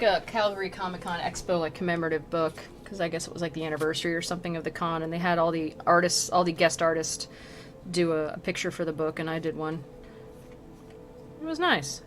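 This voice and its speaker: A woman streamer rambles through a comedic retelling of a classic poem with sarcastic asides. She talks in an animated, offhand way. Faint noise runs underneath her voice. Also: on the low side, quick pace.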